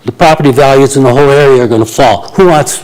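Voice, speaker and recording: An elderly man in his eighties speaks to a council meeting with blunt indignation. He hesitates with frequent fillers, and his voice sits at a middling pitch. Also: fast talker, darkish tone, poor audio. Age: 80s. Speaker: resident speaking at a public meeting. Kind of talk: public delegation to council.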